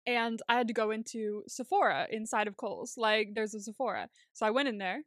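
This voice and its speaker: A woman's voice: on the high side, a little fast, fairly bright tone, no room sound, studio quality. A young woman co-hosting a podcast, chatting casually and telling stories with lots of laughter and acted-out quotes. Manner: chatty storytelling, laughs often, acts out quotes. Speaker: podcast co-host. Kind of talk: casual chat.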